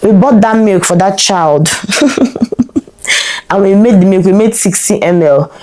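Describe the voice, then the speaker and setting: Animated woman telling a story. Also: medium pitch, normal speed, poor audio. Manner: animated, exclamatory retelling with rhetorical questions. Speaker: vlogger. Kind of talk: personal storytelling to camera.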